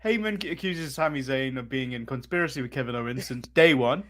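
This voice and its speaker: A man's voice: medium pitch, fast, fairly bright tone. A man co-hosting a casual podcast, chatty, laughing often and acting out quotes as he recaps. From England. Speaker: co-host.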